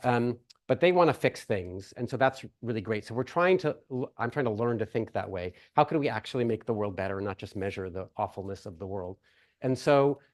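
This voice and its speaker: A man giving a plenary lecture at a research workshop, speaking casually with many fillers and restarts. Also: medium pitch. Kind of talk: academic conference talk. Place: lecture hall.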